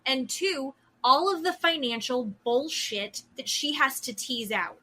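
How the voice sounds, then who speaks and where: A woman co-hosting a podcast, recapping a reality show in casual chat, getting heated and quickly acting out what the cast said. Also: high-pitched, animated, pushed and bright. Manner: heated, quotes cast members in quick bursts. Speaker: podcast co-host.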